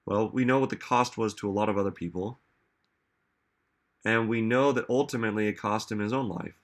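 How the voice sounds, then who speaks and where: A man's voice: on the low side, steady tone, brisk. A man giving a casual motivational talk to an audience, chatty, often saying "like" and "right?", stressing his points with questions. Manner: conversational, frequent "like" and "right?". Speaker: self-help speaker.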